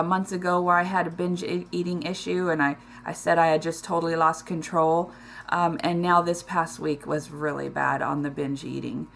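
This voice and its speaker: A middle-aged woman talking in a personal vlog, emotional and close to tears, halting with many ums and restarts. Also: lowish voice, vocal fry, fairly bright tone. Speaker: weight loss vlogger.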